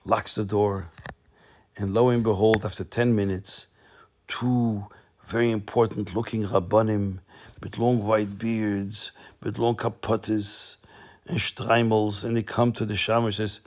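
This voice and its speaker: A man telling a Hasidic tale, animated and repeating phrases for suspense. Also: lowish voice, measured pace. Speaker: storyteller.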